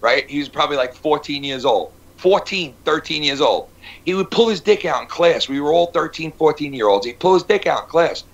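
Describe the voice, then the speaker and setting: A man's voice: on the high side, animated, brisk, creaky. A man hosting a casual live show, rambling through crude stories and swearing constantly. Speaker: host. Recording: dull lo-fi stream audio.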